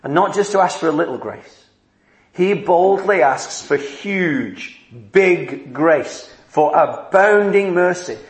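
A man preaching a sermon in slow, emphatic phrases with dramatic pauses. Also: fairly high pitch, roomy sound, poor audio.

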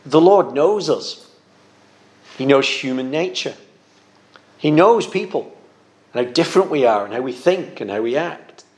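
Earnest man preaching a gentle sermon. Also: fairly high pitch, animated, a little slow, long pauses. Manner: earnest, gentle pastoral preaching with small repetitions.

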